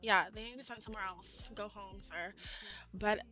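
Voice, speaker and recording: A woman streamer telling a story in casual chat, animated and laughing, with lots of "like". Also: medium pitch, moderate pace, faint music behind. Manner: animated, laughing, heavy use of "like". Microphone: streaming mic.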